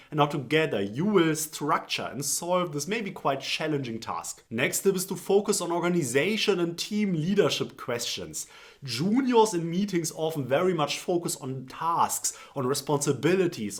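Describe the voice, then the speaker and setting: Man with a higher voice giving career tips. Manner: clear, instructive, acts out example phrases. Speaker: career coach, former consultant. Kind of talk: scripted advice talk to camera.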